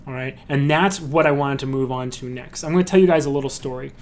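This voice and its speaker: A man's voice: medium pitch, fast talker. A man giving a casual lecture on crowdfunding his film, chatty and full of fillers and restarts, breaking into a story. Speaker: filmmaker teaching about crowdfunding.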